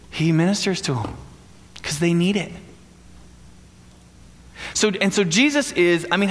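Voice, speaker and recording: A man's voice: on the high side, a bit bright. A man preaching a sermon in a casual, joking storytelling way, acting out the voices of the people in his story. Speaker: pastor. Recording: long hall reverb.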